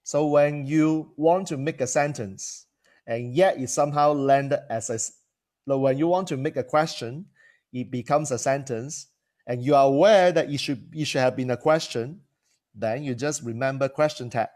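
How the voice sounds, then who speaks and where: At a moderate pace and medium pitch, with a slightly mellow quality, a male coach gives a teaching talk to camera. Being a trainer, he often begins phrases again and poses rhetorical questions.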